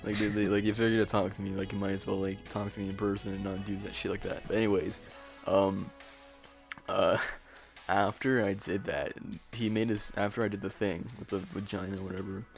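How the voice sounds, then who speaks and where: A man's voice: on the low side, little pitch movement, brisk, gravelly, soft background music. A young man co-hosting a podcast, chatting in an offhand, rambling way. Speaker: podcast co-host. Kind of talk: casual chat.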